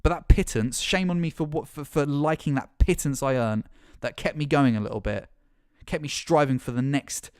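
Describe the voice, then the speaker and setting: A man's voice: mid-range voice, no room sound, clean studio sound. A man delivering an angry, impassioned vlog rant as a gaming YouTuber, sarcastic and swearing often. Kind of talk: ranting vlog commentary.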